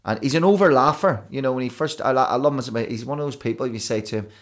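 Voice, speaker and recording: A man, a broadcaster and DJ guest telling rambling, animated stories in a casual podcast chat. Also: mid-range voice, very fast. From Belfast, Northern Ireland. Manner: rambling, animated storytelling with restarts.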